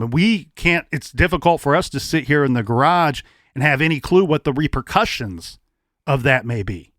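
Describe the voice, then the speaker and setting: A man with a fairly high voice hosts a true crime podcast. He walks through a case timeline in measured, deliberate steps. He is recorded close on a studio mic in a dry room. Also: animated, fairly bright tone, dry recording. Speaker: podcast co-host.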